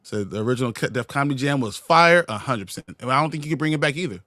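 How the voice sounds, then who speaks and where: A man's voice: medium pitch, animated, very fast, pushed and bright, no echo, studio quality. A man co-hosting a livestream in a loose, joking casual chat, reading viewer comments aloud. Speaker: livestream co-host.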